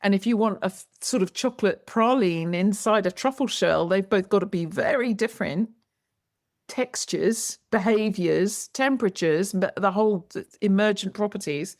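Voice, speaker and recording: A woman guest educator in conversation, telling stories in a lively, expressive way. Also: mid-range voice, moderate pace. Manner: lively, expressive, acts out quoted lines. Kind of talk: animated storytelling in conversation.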